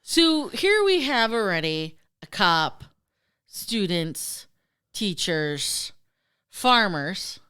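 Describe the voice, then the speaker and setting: Woman podcast host, bright and smooth, swings her pitch a lot, swears freely. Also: very slow. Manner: animated, profane, acts out quoted voices. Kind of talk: casual storytelling chat.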